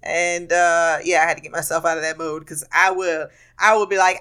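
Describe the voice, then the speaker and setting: A woman's voice: lowish voice, steady tone, moderate pace, few pauses, fairly bright tone, clean tone. A woman hosting a podcast, telling a rambling, candid story in a casual monologue with frequent laughter and swearing. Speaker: podcast host.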